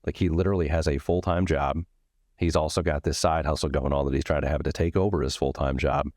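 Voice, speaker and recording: A man's voice: very deep voice, steady tone, fast talker, a little mellow, dry recording, studio quality. A man hosting a podcast, telling a story in a casual, candid way with some swearing and acted-out dialogue. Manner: candid and profane, acts out both sides of a story. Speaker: podcast host.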